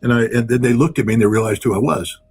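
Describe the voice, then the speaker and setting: A man's voice: mid-range voice, racing, darkish tone, slightly rough, faint music behind. A man giving impassioned, blunt political commentary as a guest, repeating phrases for emphasis.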